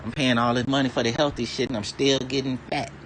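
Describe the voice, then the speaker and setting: A man's voice: medium pitch, level tone, fast, a bit bright, a little hiss or hum. A man streaming and ranting casually, swearing constantly, laughing now and then, and drifting from topic to topic. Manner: profane, laughs between lines, digresses freely. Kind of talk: casual rambling rant.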